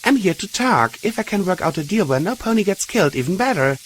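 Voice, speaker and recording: A man's voice: a little high, very animated, normal speed, a little hiss or hum, pitched above the performer's own voice, low-quality recording. A man voicing a brash, blunt young mare adventurer in an audiobook of a pony story. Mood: coaxing. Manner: bold, blunt, lightly teasing.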